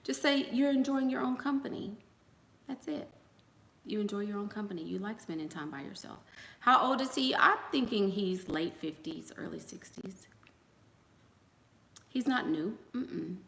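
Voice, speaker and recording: This woman hosts a casual livestream, chatting with viewers and telling gossipy stories where she acts out quotes, with frequent fillers and trailing asides. Her medium-pitched voice is expressive, slightly bright, and carries vocal fry, moving at normal speed with frequent pauses. The sound is reverberant.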